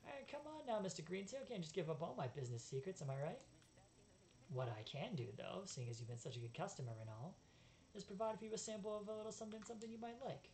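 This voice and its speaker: A woman's voice: medium pitch, lively intonation, fast talker, darkish tone, pitched above the performer's own voice, close to an everyday voice. A woman voicing a sly male merchant who talks in a wheedling sales patter. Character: sly fast-talking male merchant trader.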